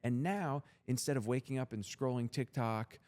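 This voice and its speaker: A man's voice: medium pitch, normal speed, a little mellow. A young man as a podcast guest, telling his story in a blunt, profane, intense motivational way. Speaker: guest entrepreneur.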